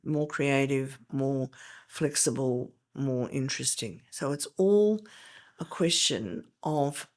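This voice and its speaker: A woman's voice: extremely low pitch, takes it slowly, a little mellow. Emphatic older woman teaching. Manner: emphatic, teacherly, explains step by step. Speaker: guest, veteran teacher. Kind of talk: podcast interview.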